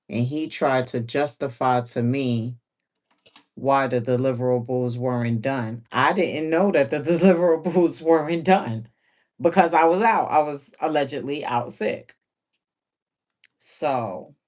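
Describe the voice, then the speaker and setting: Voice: mid-range voice, darkish tone. A sewing livestream host chatting casually while working, laughing often and repeating phrases.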